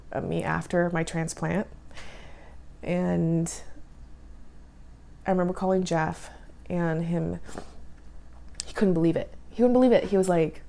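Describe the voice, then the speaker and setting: A woman's voice: lowish voice, creaky, dark tone. A woman in her thirties telling her own life story in a vlog, retelling it with emotion and acting out the dialogue. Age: 30s. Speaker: vlogger. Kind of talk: personal storytelling.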